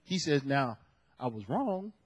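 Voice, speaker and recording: A man preaching a sermon, telling a story and building to loud shouted peaks. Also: mid-range voice, very animated, unhurried, breathy edge. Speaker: pastor.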